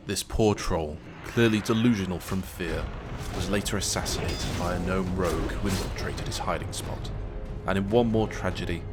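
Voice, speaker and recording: Man, very low voice, deadpan mock news report, mock-serious war-correspondent tone, electronic music behind. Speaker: gaming video narrator. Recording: voice-over with background electronic music.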